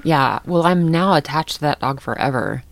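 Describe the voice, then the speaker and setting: A middle-aged woman telling a story in casual chat, animated and laughing often. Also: low-pitched, normal speed, gravelly, no echo.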